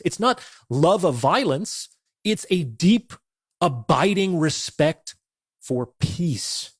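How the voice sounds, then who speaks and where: A man giving an intense motivational monologue. He speaks in a forceful, declamatory way and swears. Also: on the high side, no room sound, studio quality.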